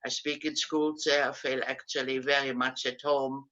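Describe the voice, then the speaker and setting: A woman in her nineties, a Holocaust survivor, tells her story on a video call, pausing often with um and restarting her sentences. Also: a bass voice, flat delivery, fairly bright tone. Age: 90s. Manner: unhurried storytelling with frequent um and restarts. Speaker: Holocaust survivor giving testimony. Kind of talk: spoken testimony over video call. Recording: muffled video-call audio.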